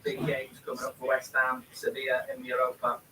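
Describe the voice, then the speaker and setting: A man's voice: medium pitch, brisk. A man hosting a casual live watchalong, rambling through his thoughts and reading viewer questions aloud before answering them. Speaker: live-stream host. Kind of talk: casual match watchalong chat. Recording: distant mic with steady background noise.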